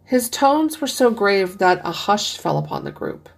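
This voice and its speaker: A woman narrating a classic short story as a podcast reading, measured and steady, slowing for the characters' lines. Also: medium pitch, vocal fry, breathy edge. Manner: measured storytelling, slows for quoted speech. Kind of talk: scripted audiobook reading.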